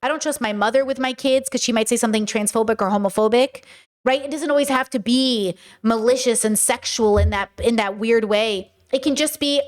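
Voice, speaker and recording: High-voiced chatty woman host. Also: brisk. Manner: chatty, emphatic, talks to viewers as "girl". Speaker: video essay host. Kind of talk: casual commentary to camera.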